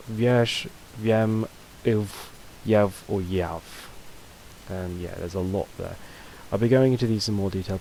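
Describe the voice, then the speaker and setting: Low-voiced man giving a chatty lesson. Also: darkish tone, a little hiss or hum, poor audio. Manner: loose and chatty, with fillers and restarts. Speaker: language teacher. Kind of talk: casual video lesson on a constructed language.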